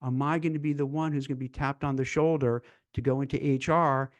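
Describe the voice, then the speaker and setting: A man with a medium pitch talks fairly quickly in a dry recording. As a recruiter hosting a casual live-stream chat, he's animated, acts out exchanges in mock voices, and repeats words once he gets worked up.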